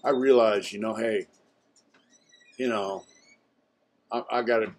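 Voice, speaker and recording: A man's voice: fairly low pitch, steady tone, slow pace, a little hiss or hum. An older man telling his own story in a casual, blunt way, with some swearing and a lot of "you know" between phrases.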